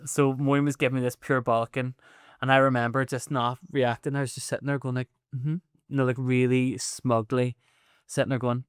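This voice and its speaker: A man in his thirties co-hosting a podcast, telling sarcastic stories and swearing freely. His voice is smooth and clear, mid-pitched, and the recording is close and dry. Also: little pitch movement, brisk, fairly bright tone, dry recording. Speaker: podcast co-host. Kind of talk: casual chat.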